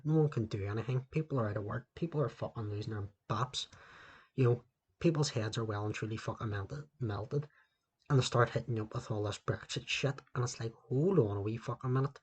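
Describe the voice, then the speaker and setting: Guy ranting on his own podcast, husky voice, swears nonstop, laptop mic. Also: medium pitch. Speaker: podcast host. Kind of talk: solo podcast rant.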